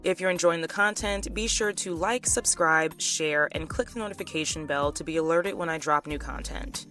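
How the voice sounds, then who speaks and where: A woman talks through a TV recap in a chatty, sarcastic way. Her voice sits a little low. Soft music plays faintly behind her. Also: moderate pace. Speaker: commentary vlogger. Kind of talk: casual recap commentary.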